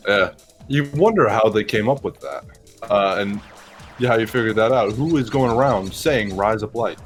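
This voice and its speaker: A man's voice: on the low side, moderate pace, faint music behind. A man co-hosting a game playthrough in casual, playful chat, repeating words for laughs. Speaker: let's play co-host.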